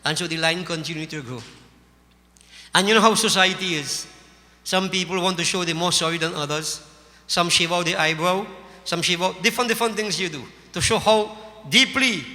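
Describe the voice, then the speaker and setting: Male Hindu preacher, Caribbean English accent, emphatic and folksy, very bright voice. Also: high-pitched, normal speed. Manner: folksy, emphatic, addresses listeners as devotees. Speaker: Hindu religious teacher. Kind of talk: sermon with storytelling. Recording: long hall reverb.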